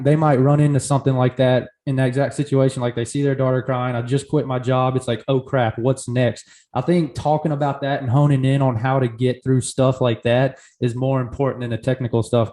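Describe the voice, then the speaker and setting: A man's voice: medium pitch, mellow. A man hosting a podcast, talking casually and earnestly to his guest. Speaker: podcast host. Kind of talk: casual interview.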